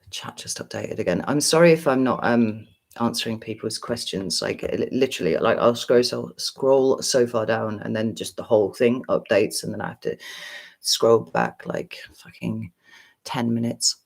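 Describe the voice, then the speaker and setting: Her voice rumbles low, creaky and darkish, at a normal speed, over a rough recording. She's a tarot reader in her forties chatting on a livestream, meandering through a long story in a blunt, sweary way thick with fillers.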